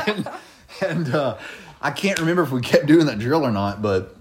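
A man in his twenties, a podcast co-host, tells stories in casual chat, swearing freely and laughing along the way. His voice sits on the high side at a moderate pace, and crowd noise fills the background. The delivery is profane and animated.

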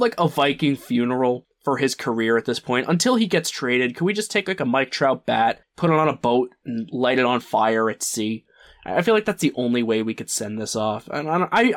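A young man co-hosting a casual sports podcast, joking and laughing at his own lines. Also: mid-range voice. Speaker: podcast co-host.

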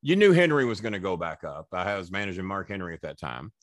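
A man's voice: low voice, sing-song, quick pace, no echo, clean studio sound. Older man spinning rambling wrestling yarns. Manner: rambling, profane, stumbling restarts. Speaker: wrestling manager guest. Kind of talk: casual anecdotal storytelling.

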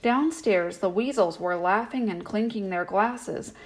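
Storyteller: a woman with a gentle, even bedtime reading voice. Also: mid-range voice, unhurried, hardly any pauses, rough recording.

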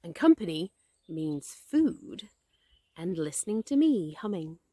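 A woman's voice: fairly low pitch, big pitch swings, takes it slowly, dark tone, no echo, studio quality, heavily acted. A woman voicing a friendly, hungry, simple-minded male bear in a storybook reading, earnest and polite. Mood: eager.

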